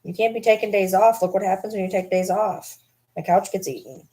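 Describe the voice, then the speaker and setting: A woman's voice: medium pitch, brisk, mellow. A woman vlogger at home, chatting casually and teasing her dogs with baby talk.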